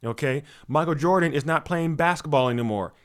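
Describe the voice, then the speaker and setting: A spiritual coach speaks fairly quickly in a slightly high, clean-toned voice during a motivational teaching talk. Preachy and animated, he piles up fillers, rhetorical questions and repeated words, with stumbling restarts. He jumps between loud emphasis and quieter asides.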